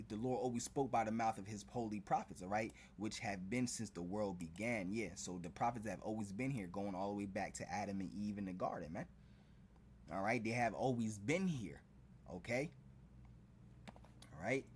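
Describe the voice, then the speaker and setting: A street preacher addresses a video audience in a fairly low voice, with a slight hiss or hum behind it. His tone is fervent and warning, and he keeps slipping "all right?" and "man" between phrases.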